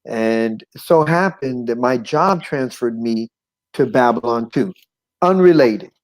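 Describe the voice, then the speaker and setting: A middle-aged man recounting a personal testimony as a guest, his voice sitting at an ordinary mid pitch. He talks in a loose, conversational way, tossing in "you know what I'm saying". He slips into the voices of the people he quotes and chuckles as he goes. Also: measured pace, low-quality recording. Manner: animated, acts out quoted voices, chuckles often. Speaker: guest sharing his life story.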